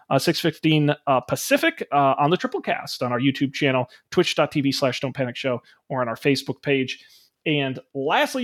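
Male podcast host, a bit higher-pitched than most, easygoing and enthusiastic, filler-heavy delivery. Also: a bit bright. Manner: chatty, with frequent ums and uhs; upbeat and enthusiastic when plugging the show. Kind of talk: casual tech podcast chat and show plugs.

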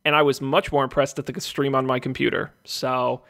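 A man hosting a casual tech podcast, talking quickly and joking with his co-hosts. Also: medium pitch, level tone, creaky, a bit bright. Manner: quick, joking, plugs the show. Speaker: podcast host.

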